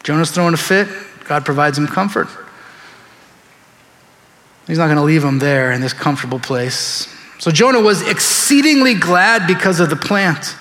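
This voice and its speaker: A man pastor delivering a sermon in an animated way, acting out biblical figures in quoted voices. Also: on the high side, normal speed, pauses often. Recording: long reverb of a large hall.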